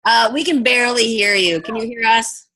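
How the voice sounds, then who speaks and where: Bright-voiced chatty woman host. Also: fairly high pitch, normal speed, low-quality recording. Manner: chatty, encouraging, teasing. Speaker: host of a coaching team call. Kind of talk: casual group call.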